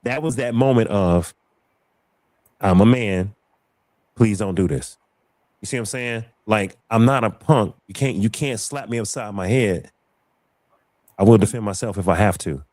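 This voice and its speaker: Low-voiced man telling a story with animation. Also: normal speed, no room sound. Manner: animated storyteller who repeats phrases for emphasis. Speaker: livestream show host. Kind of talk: casual chat.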